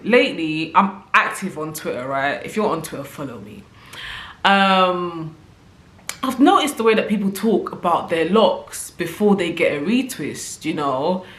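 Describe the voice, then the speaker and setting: A woman's voice: fairly low pitch, fairly bright tone, echoey room. A woman vlogger talking casually to camera, reflective and conversational, often checking in with the listener as she thinks aloud. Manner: reflective, conversational, often tags "right?" and "you know". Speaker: vlogger sharing opinions.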